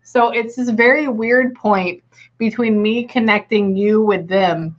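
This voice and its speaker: A woman working as a psychic medium, reading for a sitter and relaying messages in halting bursts, often pausing to say hang on. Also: a little high, fairly even intonation, lo-fi sound.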